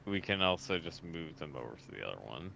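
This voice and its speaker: A man's voice: very deep voice, very animated, quick pace, vocal fry, pushed and bright, low-quality recording. A man chatting casually while playing a video game, explaining things patiently and matter-of-factly. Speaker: co-player.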